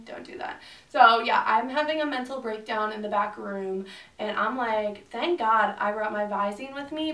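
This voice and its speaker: A woman's voice: mid-range voice, far from the mic. A young woman telling a storytime vlog in a chatty way, swearing often and acting out what people said. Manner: chatty, swears a lot, animated retelling. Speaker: beauty vlogger. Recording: roomy echo, voice a bit off-mic.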